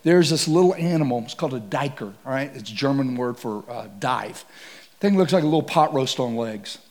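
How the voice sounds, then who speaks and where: A man preaching to a men's gathering, telling a comic safari story with bursts of shouting and laughter. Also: mid-range voice, fairly quick. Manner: animated, shouts and laughs through stories. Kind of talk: comedic sermon storytelling.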